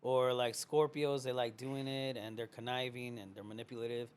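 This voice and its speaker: A man's voice: medium pitch, flat delivery, moderate pace, clear, resonant tone. A man talking as a podcast guest in loose, rambling casual chat, joking and swearing now and then.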